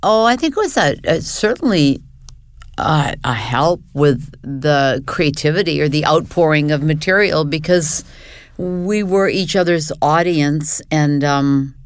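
An older woman speaks in a lowish voice, reflective and a little halting, often starting her sentences over. The sound is dry and close to the mic, with no room around it. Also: expressive, no room sound. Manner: reflective, halting with many restarts. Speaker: guest. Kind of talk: casual interview chat.

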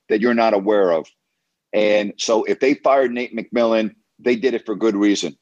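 A man's voice: on the low side, no room sound, lo-fi sound. A man hosting a sports radio show, coaching a caller in an emphatic, repetitive, lecturing way.

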